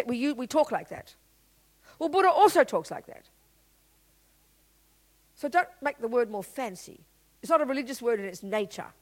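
Lively, high-voiced woman teaching Buddhism. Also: rough recording. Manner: emphatic, full of rhetorical questions; blunt and lively explaining. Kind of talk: dharma teaching talk.

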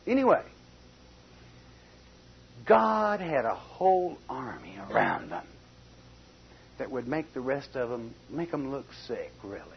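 A man preaching a folksy expository sermon, swinging between loud emphasis and quiet asides. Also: medium pitch, big pitch swings, slow, pauses often. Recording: dull lo-fi recording.

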